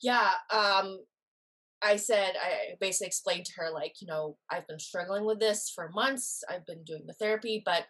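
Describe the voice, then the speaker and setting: A woman's voice: medium pitch, moderate pace, a bit bright. A woman guest on a podcast, candidly telling a personal story and acting out quoted dialogue.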